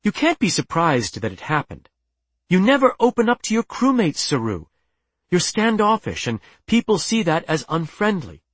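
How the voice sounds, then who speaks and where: A man's voice: mid-range voice, lively intonation, normal speed, dry recording, lightly acted. A man voicing an earnest, persistent woman officer who talks in a pleading, insistent way.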